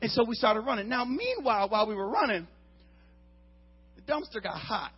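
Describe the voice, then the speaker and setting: A man tells a comedy story on stage in a husky, high voice. His pitch swings all over as he acts out booms and shouts. The recording sounds dull and lo-fi. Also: sing-song, normal speed. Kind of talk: stand-up storytelling.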